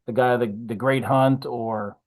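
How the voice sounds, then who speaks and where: A man's voice: medium pitch, fairly even intonation, unhurried, low-quality recording. A man in a casual tabletop gaming chat, explaining ideas in a thoughtful, searching way.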